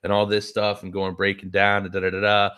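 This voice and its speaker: A man's voice: low voice, completely flat delivery, brisk, pushed and bright, clean tone. A man on a podcast casually telling a long story, swearing freely and rambling with lots of filler words. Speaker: podcast host.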